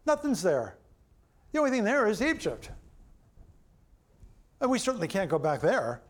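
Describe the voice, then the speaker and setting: A man's voice: high voice, wildly swooping pitch, moderate pace, pitched above the performer's own voice. A man voicing a complaining Israelite man with whiny, indignant questions.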